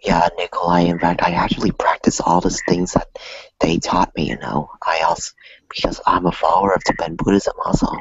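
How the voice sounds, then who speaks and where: Low, husky man half-whispering. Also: little pitch movement, brisk, lo-fi sound. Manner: soft, often half-whispered. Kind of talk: casual conversation.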